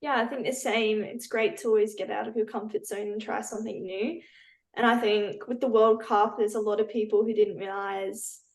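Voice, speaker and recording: A young woman with a middle-pitched voice talks in an upbeat, rambling way, full of "yeah" and "I think". She speaks over a video call in a casual interview. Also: poor audio. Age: young adult. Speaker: football player.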